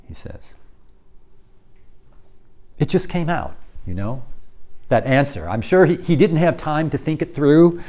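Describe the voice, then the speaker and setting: A man preaching a sermon as dramatic storytelling, acting out quoted lines and dropping to quiet intensity. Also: medium pitch, lively intonation, a little slow, pauses often.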